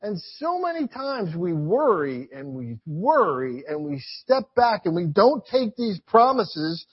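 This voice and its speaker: Husky-voiced man preaching a sermon. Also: high voice, sing-song, unhurried, lo-fi sound. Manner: emphatic, repeats phrases, shifts between loud and quiet.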